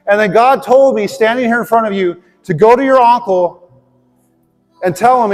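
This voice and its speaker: Male pastor preaching, earnest and heartfelt, high voice, big echoey church hall. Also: moderate pace. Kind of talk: sermon with personal story and prayer. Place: church sanctuary. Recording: long hall reverb, faint music.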